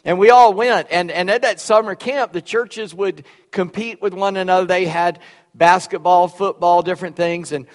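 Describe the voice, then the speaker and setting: A man's voice: high-pitched, steady tone, moderate pace, in a large hall. A man preaching a sermon, telling a folksy story with repeated words and restarts. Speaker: pastor.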